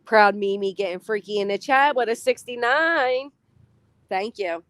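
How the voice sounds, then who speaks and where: A woman hosts a relaxed livestream, rattling off viewer names and chatting casually with a laugh here and there. Her voice sits at an ordinary middle pitch. The sound is dry and close, with no room echo. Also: a little slow. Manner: chatty, greets viewers by name, laughs often. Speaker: livestream host. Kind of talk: casual live-chat commentary.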